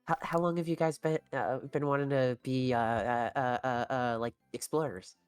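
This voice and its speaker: Woman playing a stammery overexcited young fox explorer, low voice, dry close mic. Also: fairly even intonation, normal speed, smooth, no room sound, soft background music. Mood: eager. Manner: eager, stammering.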